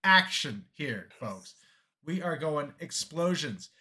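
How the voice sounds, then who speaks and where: A man with a bright, fairly high voice throws together an action movie pitch on the fly. He sounds casual and upbeat as he wings it for his co-hosts. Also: big pitch swings, takes it slowly. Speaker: comedy podcast co-host. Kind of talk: improvised comedic pitch.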